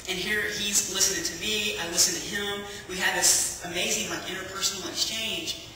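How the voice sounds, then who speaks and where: A man's voice: high-pitched, fairly even intonation, fairly quick, bright, forceful tone, slight background noise. A man giving a chatty personal testimony to a church congregation, telling his story with plenty of fillers. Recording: echoey hall from far off.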